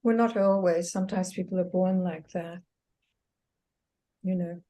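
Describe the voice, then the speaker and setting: With a warm, steady, fairly low voice and a measured pace, an American woman who writes books and works as an exercise therapist talks thoughtfully and earnestly as a guest in a casual interview conversation, occasionally restarting and giving small laughs.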